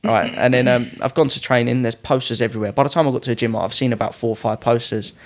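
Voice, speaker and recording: This Muay Thai fighter from the UK, a man in his twenties, talks fast in a mid-range voice with a little hiss or hum in the audio. As a podcast guest he tells casual, lively stories, imitating quoted people in a louder voice.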